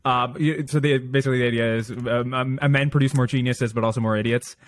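A man's voice: medium pitch, fairly even intonation, fast, no echo. A young man hosting a podcast, asking long questions with many restarts and fillers. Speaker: podcast host. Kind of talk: casual interview.

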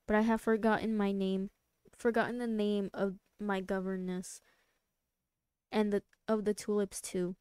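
A woman voicing a sad ghost child who has forgotten its name, speaking slowly and wistfully. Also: medium pitch, level tone, a little mellow, clear, resonant tone, dry recording, close to an everyday voice.

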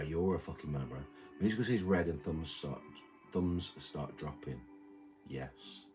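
A British man with a deep, rumbling voice reads and responds to livestream chat at a normal speed, rambling through crude, mumbled banter. Loud music plays behind him on his streamer mic.

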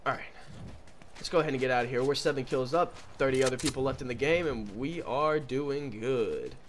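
A man's voice: medium pitch, lively intonation, a little fast, slight background noise. A man in his twenties rambling and cursing while commenting on his gameplay. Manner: rambling, swears often, loud outbursts at the game. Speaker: gaming streamer.

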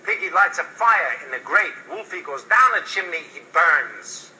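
A man doing a deadpan comic storybook reading as a TV guest, with halting, clipped phrasing and odd stresses. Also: sits high. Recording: loud noisy TV capture.

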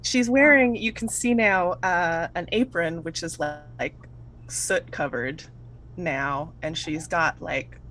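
A woman's voice: lowish voice, slow pace, fairly bright tone, a little hiss or hum. A woman narrating casually as game master of a tabletop game, describing scenes with easy fillers.

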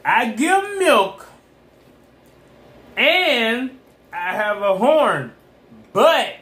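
A man hosting a casual eating chat, talking slowly in a playful, teasing way. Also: very high-pitched, very animated, sharp tone. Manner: slow, drawn-out, playful teasing. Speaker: mukbang host. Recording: echoey room.

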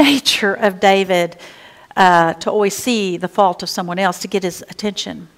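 Woman pastor, conversational preacher, animated and hushed by turns. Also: mid-range voice. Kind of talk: sermon.

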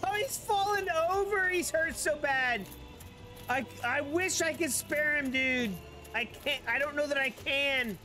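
A woman's voice: high-pitched, unhurried, bright, forceful tone, faint music behind. A woman giving casual commentary while playing a game, reacting aloud with emotion and apologizing. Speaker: gamer.

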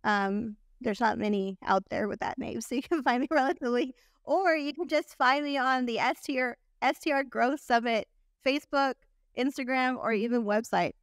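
Woman, 40s, podcast guest, earnest storyteller, smooth clear voice, dry close sound. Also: a little high, normal speed, no room sound. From Texas. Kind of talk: casual interview.

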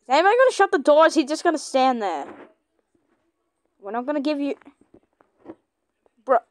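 High-voiced excitable woman gamer. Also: moderate pace, pauses often, no room sound. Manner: excitable, yelps and shouts at teammates; chatty, talks to a toy companion. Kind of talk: gameplay commentary.

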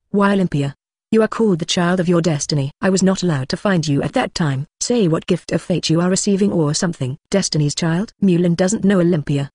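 A synthetic text-to-speech voice reading a translated web novel as an audiobook, with flat, even delivery that gives narration and dialogue the same tone. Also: medium pitch, breathy edge, dry recording, studio quality.

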